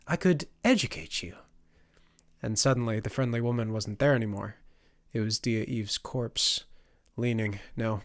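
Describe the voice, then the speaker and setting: A male audiobook narrator reading a fantasy story in a measured storytelling voice at an even middle pitch. He is recorded close on the mic in a dry, dead room. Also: dry recording.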